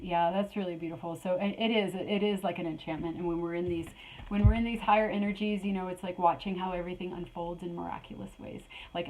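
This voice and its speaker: A middle-aged woman with a low, gravelly voice rambles through a spiritual tarot reading, circling back to repeat her phrases. Her delivery stays fairly flat in pitch and she sounds a little out of breath. A faint noise sits under the recording. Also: low-quality recording. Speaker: tarot reader.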